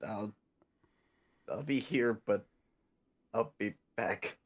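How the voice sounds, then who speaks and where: A man playing a tabletop game as a player, talking in halting, stammering bursts. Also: fairly low pitch.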